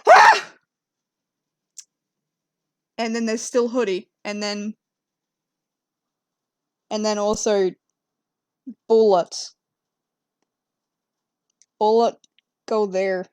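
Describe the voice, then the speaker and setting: A woman's voice: mid-range voice, level tone, slow, long pauses, dark tone, smooth, no room sound. A young woman chatting casually as she draws on stream, rambling and giggling and talking to her cats. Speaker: streamer drawing fan art. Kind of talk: casual chat while drawing.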